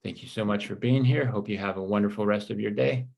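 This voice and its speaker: A man's voice: fairly low pitch, fast talker, gravelly, a little mellow. A man giving a live life-coaching session, talking in a reassuring, conversational way and often checking in with "right?". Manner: reads viewer comments aloud.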